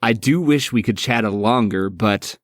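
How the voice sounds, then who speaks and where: A man doing an impression of a menacing, soft-spoken older male cannibal psychiatrist, in a quiet, slow, sinister voice. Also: on the low side, dry recording, clean studio sound, lightly acted.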